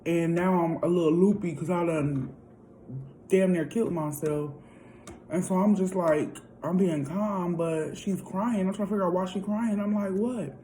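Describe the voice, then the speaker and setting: Woman vlogger, casual storytime at home, warm mellow tone, faint room hum. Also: lowish voice, normal speed, low-quality recording. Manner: chatty, animated, addresses viewers directly. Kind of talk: casual storytime while eating.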